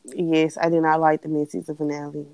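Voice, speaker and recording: A young woman co-hosting a casual chat, blunt and animated, swearing freely as she rants. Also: low-pitched, brisk, dry recording. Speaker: podcast co-host.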